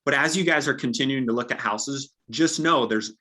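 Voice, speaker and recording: A man's voice: medium pitch, moderate pace, sharp tone. A young man, a real estate agent, giving upbeat, practical coaching in a casual way and acting out sample dialogues.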